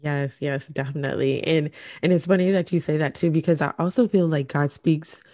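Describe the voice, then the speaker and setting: A woman's voice: low-pitched, fairly quick, warm tone, no echo, clean studio sound. A woman mother in casual conversation, chatting about her sons and acting out their words. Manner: chatty, acts out quotes from her children. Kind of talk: casual chat.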